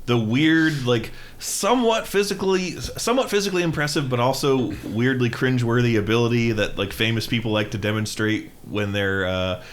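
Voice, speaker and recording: A man's voice: mid-range voice, moderate pace, few pauses, slight background noise. A man co-hosting a podcast, chatting casually in a rambling, joking storytelling way. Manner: rambling, jokey storytelling with lively swings. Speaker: podcast co-host. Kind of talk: casual comedic chat.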